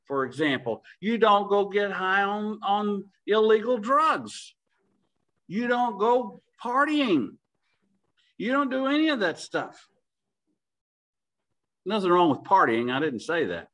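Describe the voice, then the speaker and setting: A man preaching a sermon in a church, talking in a conversational way and slowing down to stress key phrases. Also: high-pitched, fairly bright tone, low-quality recording.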